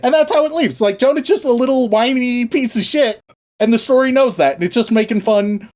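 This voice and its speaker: A man co-hosting a podcast, casually retelling a story with lots of swearing and quick acted-out asides. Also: very high voice, a little mellow. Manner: profane, playful, acts out characters in quick asides. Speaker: podcast co-host.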